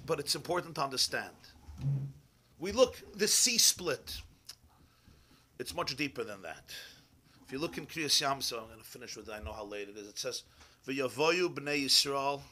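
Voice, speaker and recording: A man's voice: mid-range voice, sharp tone. A rabbi giving a Chassidic Torah class, telling stories with animation and mixing in Hebrew and Yiddish terms, often checking in with his listeners. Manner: checks in with listeners, asking "yeah?".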